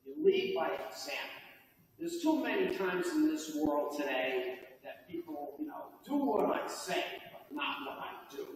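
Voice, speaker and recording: Older male coach type, folksy and heartfelt, high lively voice, far-off mic with long hall reverb. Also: a little hiss or hum. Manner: heartfelt, folksy, animated delivery. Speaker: inductee giving acceptance speech. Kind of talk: ceremony speech. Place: banquet hall. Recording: distant mic in echoey hall.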